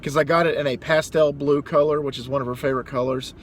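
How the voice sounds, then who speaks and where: A young male vlogger rants casually and quickly, spinning a rambling story full of mock outbursts. His voice sits on the high side with fairly even intonation. Street and car traffic can be heard in the background.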